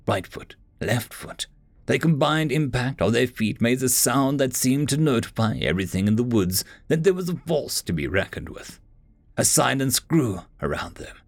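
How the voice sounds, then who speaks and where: A man's voice: mid-range voice, no echo. A man narrating a story as an audiobook reader, lifting his voice a little for the characters' lines.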